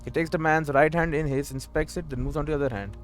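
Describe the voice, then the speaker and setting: A man casually playing a video game, reading its text aloud and adding dry, wry, deadpan remarks. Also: a little high, fast talker, faint music behind. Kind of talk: casual let's play commentary.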